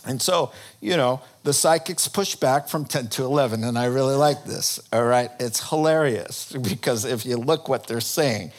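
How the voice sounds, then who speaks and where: A man preaching a sermon, telling the story in an animated, humorous way. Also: medium pitch, moderate pace, hardly any pauses.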